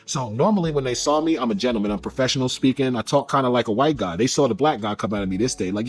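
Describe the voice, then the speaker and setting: A man telling a personal story in a casual, animated way, acting out the dialogue as he goes. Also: mid-range voice. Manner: fast, animated retelling with quoted dialogue.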